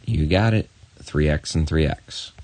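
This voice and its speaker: A man with a very low voice walks a student through a math lesson on video. He is encouraging and talks straight to the viewer with quick asides. The recording is close and dry. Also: darkish tone, no echo. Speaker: math teacher.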